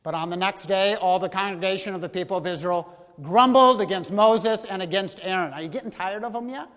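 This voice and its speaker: High-voiced male preacher in a reverberant church. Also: fairly quick. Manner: expressive preaching, reads scripture aloud, voices the grumbling crowd. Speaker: pastor. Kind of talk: sermon. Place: church sanctuary.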